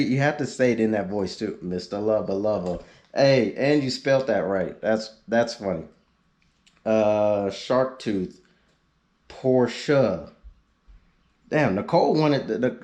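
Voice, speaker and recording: Laid back dude on his car vlog, talks real slow, cracks jokes reading names. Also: mid-range voice, darkish tone. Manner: laid-back, drawn-out, joking asides. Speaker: YouTube car vlogger. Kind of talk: casual chat reading viewer suggestions.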